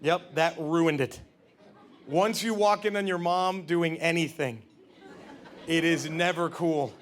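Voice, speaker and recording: A man performing a stand-up comedy set, telling confessional stories and jumping into loud character voices. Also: a little high, slow, a faint crowd.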